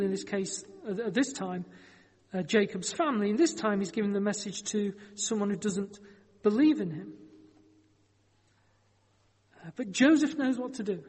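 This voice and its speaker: A man's voice: sits high, a little mellow, in a large hall. A man preaching a sermon, telling a Bible story in a conversational way with wry joking asides.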